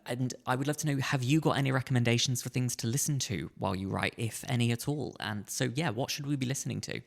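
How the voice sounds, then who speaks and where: A man's voice: medium pitch, fast talker, vocal fry. Gushing man hosting a podcast. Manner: enthusiastic, gushing with restarts. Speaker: podcast host. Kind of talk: casual podcast chat.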